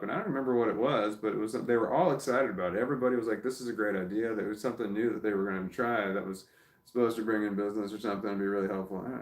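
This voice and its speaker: Low-voiced guy rambling on his phone at home, swears a lot, roomy echo. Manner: rambling, profane, lots of restarts. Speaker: vlogger. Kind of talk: casual rambling monologue.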